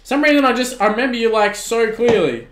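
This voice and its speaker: An Australian man in his twenties streaming a football video game, shouting at the plays and then chatting casually with viewers. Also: very high voice, brisk, echoey room. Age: 20s. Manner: excitable, swings from shouting at the game to relaxed chat. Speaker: gaming streamer. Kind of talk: live-stream commentary and chat replies.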